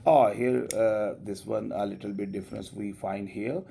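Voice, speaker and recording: A male English teacher giving an online class lecture, explaining slowly and tagging many lines with a rising "okay?". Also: on the low side, steady tone, creaky, warm tone, slight background noise. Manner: slow, drawn-out explaining with frequent rising "okay?".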